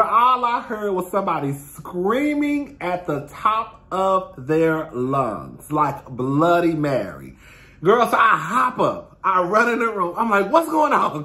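Sassy, animated man gossiping to viewers. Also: high-pitched. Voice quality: sassy, animated and expressive, calls listeners "girl" and "honey", swears freely. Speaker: host of his own talk stream. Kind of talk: casual storytelling to viewers.

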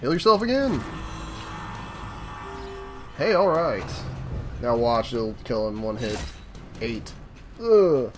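An excitable man gives casual commentary while he plays a game, and his voice swings widely in pitch. He swears loudly at every setback. Faint game music runs underneath. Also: takes it slowly, long pauses. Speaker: let's play host.

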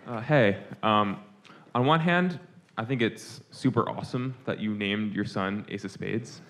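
A man's voice: lowish voice, unhurried, fairly bright tone. A man from the audience asking a question in a casual, hesitant, joking way.

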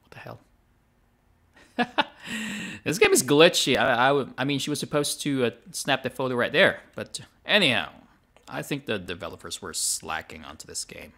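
A man's voice: medium pitch, big pitch swings, normal speed, long pauses, sharp tone. A man streaming a video game, chatting casually at a desk microphone, laughing often and correcting himself. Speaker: gaming streamer. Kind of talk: casual gameplay commentary.

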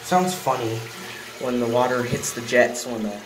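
The host of a channel shows off a toilet in a rambling, easily amused vlog recorded on a phone in the bathroom. The mid-range voice is expressive and moderately paced, set against a noisy, echoey room with running water.

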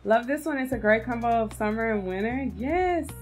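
A woman's voice: fairly high pitch, lively intonation, brisk, faint music behind. A woman giving casual, gushing commentary on a video game, chatting to her viewers and calling them "y'all". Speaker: game content creator.

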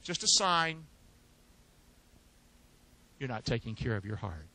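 A man's voice: mid-range voice, big pitch swings, takes it slowly, sharp tone, poor audio. A man preaching a sermon as pastor, leaving verses open for the congregation to finish and joking between points. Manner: jokes and laughs between points.

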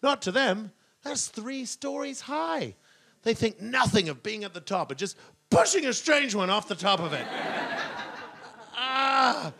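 A middle-aged man doing stand-up comedy on stage, rambling and self-mocking, now and then bursting into shouted voices. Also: very high voice, expressive, unhurried, vocal fry, a little hiss or hum. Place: comedy stage before a laughing audience.

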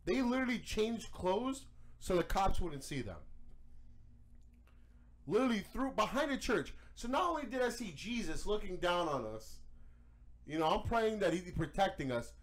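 A man hosting a podcast, telling a story in casual chat, animated and profane. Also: sits high, normal speed. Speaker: podcast host.

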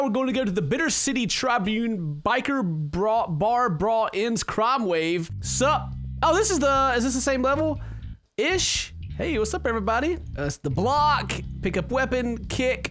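A man's voice: very high-pitched, pushed and bright. A man hosting a casual let's play, joking and exclaiming as he plays. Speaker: gaming channel host.

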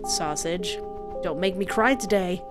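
A woman's voice: fairly low pitch, measured pace. A woman hosting a game playthrough, commenting playfully with sing-song calls. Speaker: let's play host. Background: game music.

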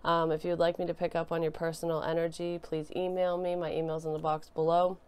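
A young woman with a cold gives a casual tarot reading. Her low voice sounds nasal and stuffy but stays smooth and resonant. She talks in a loose, chatty way full of fillers. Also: little pitch movement, quick pace, darkish tone. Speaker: tarot reader.

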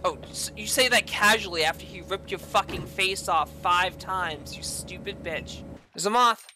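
A woman streamer commentating on her own gameplay, often shouting and cursing at the game in frustration. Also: medium pitch, moderate pace. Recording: stream with game music behind.

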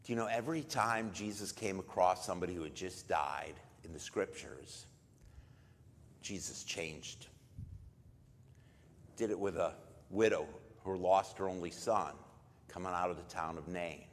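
A low-pitched man preaches a memorial sermon in a church, his voice trailing off into a long reverb. He tells the story in an easy, conversational way. He gets much louder and higher when he voices the people in the story. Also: moderate pace. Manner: conversational storytelling with sudden loud bursts for quoted lines. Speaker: pastor.

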